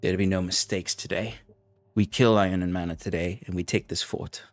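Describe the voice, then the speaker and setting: A man's voice: deep voice, fairly even intonation, brisk, no room sound, lightly acted. A man voicing a stern, contemptuous male enforcer officer who barks orders and scolds. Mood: commanding.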